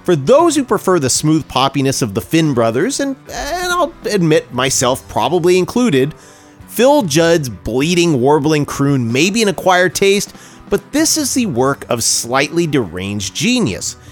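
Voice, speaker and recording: A man's voice: on the high side, big pitch swings, measured pace. A man co-hosting a music podcast, reading his album reviews with dry jokes. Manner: dry joking, reads prepared reviews. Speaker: podcast co-host. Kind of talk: casual music podcast chat.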